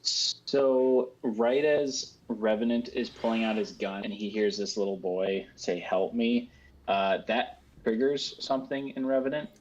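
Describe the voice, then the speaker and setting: Low-voiced, unhurried male player. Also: highs cut off. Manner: hesitant, thinking aloud. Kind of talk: casual tabletop play.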